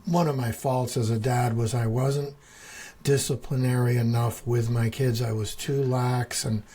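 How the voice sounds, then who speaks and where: A man's voice: mid-range voice, level tone, a little slow, dark tone, breathy edge. A middle-aged man hosting a casual interview, encouraging and reflective, given to wordy turns of phrase. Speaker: podcast host.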